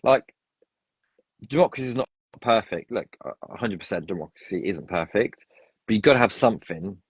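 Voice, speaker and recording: A man with a low, husky voice talks through his opinions in a rambling, restart-filled way. The sound is dry and close, with no room around it. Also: lively intonation, fairly quick, dry recording, rough recording. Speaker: podcast guest. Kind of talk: casual chat.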